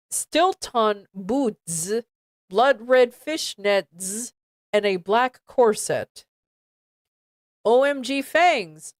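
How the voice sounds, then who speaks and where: A woman's voice: fairly high pitch, no echo, clean studio sound. A woman streamer reading a badly written fan fiction aloud, stumbling over misspellings and breaking off into exasperated asides.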